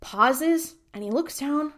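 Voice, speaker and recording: A woman's voice: sits high, takes it slowly. Chatty woman recapping with lots of "like". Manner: animated retelling with quoted voices, many "like"s. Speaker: podcast co-host. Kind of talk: casual recap chat.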